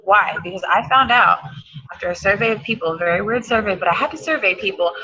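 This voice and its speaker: A woman's voice: mid-range voice, lively intonation, quick pace, pushed and bright, muffled recording, a little hiss or hum. A woman giving an emphatic, hyped motivational talk on a team call, repeating her points. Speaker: team coach.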